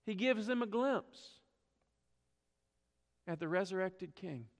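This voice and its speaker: A man's voice: high-pitched, expressive, slow pace. A man preaching a sermon as pastor, earnest, with rhetorical questions, swelling and dropping his voice. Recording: long hall reverb.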